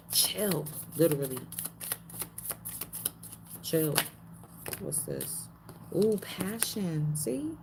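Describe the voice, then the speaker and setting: A woman with a low voice gives a spiritual card reading in a loose, slangy way, repeating lines as she goes and jumping up in pitch for emphasis. Steady background noise runs beneath her voice. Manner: slangy, repeats phrases, animated pitch jumps. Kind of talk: casual card-reading livestream.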